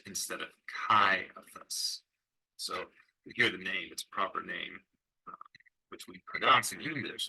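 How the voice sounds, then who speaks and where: A man teaching a recorded language lesson in a relaxed way, pausing with fillers and sounding out syllables slowly. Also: low-pitched, breathy edge, poor audio. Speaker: Greek teacher.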